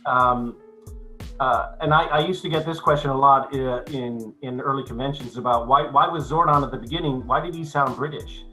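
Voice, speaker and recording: Older man, chatty interview guest, bright clear timbre, light music under. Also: mid-range voice, rough recording. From United States. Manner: halting, many restarts and fillers, then clear and measured. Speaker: actor guest. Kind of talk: casual interview chat.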